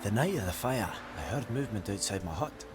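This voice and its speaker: An actor playing a bitter, sarcastic old dwarf blacksmith in a game, with a Scottish accent and a swearing manner. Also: male voice, on the low side, animated, a little fast, background noise, close to an everyday voice. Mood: weary.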